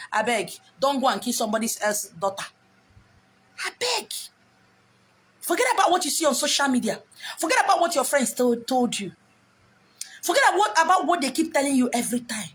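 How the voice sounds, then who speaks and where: A middle-aged woman with a Nigerian accent gives her viewers a blunt telling-off. She drops into pidgin now and then. Her voice sits slightly high, and her tone stays scolding and direct. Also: animated, normal speed, pauses often, a bit bright, husky. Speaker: vlogger. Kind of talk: talking to camera, advice rant.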